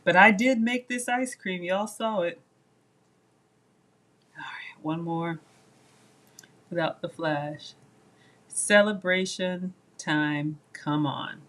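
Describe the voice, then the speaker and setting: A woman's voice: lowish voice, slow, long pauses, a bit bright. A woman chatting casually to viewers while tasting food on a live cooking stream. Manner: chatty, addresses viewers as y'all, savoring food. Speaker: cooking vlogger.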